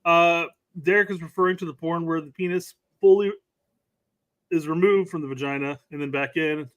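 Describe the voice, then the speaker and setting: A man's voice: on the high side, fairly even intonation, moderate pace, fairly bright tone, dull audio. A man co-hosting a casual podcast, chiming in with dry, laid-back remarks. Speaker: podcast co-host. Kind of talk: crude casual podcast banter.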